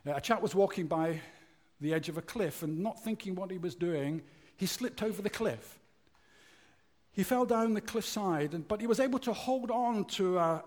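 A man preaching a sermon, telling a story with acted-out voices and letting his phrase ends drop low and quiet. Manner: tells a joke story acting out voices.

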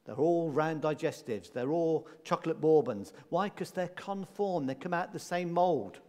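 A man's voice: on the high side, animated, moderate pace, darkish tone. A man preaching a sermon in a church, emphatic, repeating key words and asking rhetorical questions. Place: church hall. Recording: long church reverb.

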